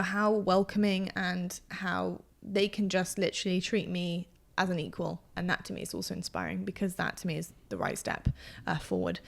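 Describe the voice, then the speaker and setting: A young adult woman, an esports caster, chatting casually on a podcast, animated and quick to laugh. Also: lowish voice, gravelly.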